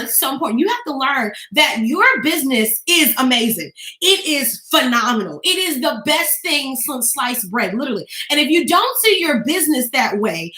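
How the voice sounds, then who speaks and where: A woman business coach giving an energetic, talkative motivational talk to the camera, emphatic and peppered with "okay?". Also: high voice, echoey room.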